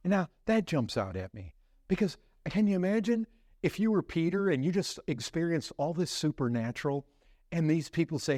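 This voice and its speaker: A male pastor preaching a sermon, asking rhetorical questions and building to emphatic, lively delivery. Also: on the high side, brisk, dry recording, studio quality.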